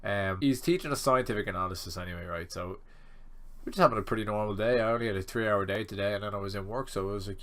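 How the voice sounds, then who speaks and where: A man's voice: on the low side, brisk, gravelly. Rambling young man telling a story. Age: 20s. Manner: rambling, animated, swearing. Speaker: student vlogger. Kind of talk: storytime vlog.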